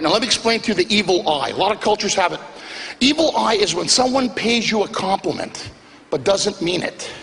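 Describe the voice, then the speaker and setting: Stand-up comic, male, bright edgy high voice, animated storyteller, live club reverb. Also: vocal fry, a little hiss or hum. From Greek background. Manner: animated storytelling, acts out characters. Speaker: stand-up comedian. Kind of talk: stand-up comedy set. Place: comedy club stage, live audience. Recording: live venue with long reverb.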